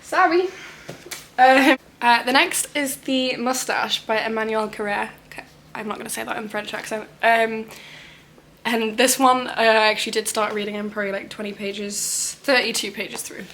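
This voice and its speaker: A woman's voice: on the high side, flat delivery, normal speed, fairly bright tone, a little hiss or hum. Chatty young woman with filler words. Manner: rambling, many "um" and "like" fillers. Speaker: book vlogger. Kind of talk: casual chat about reading plans.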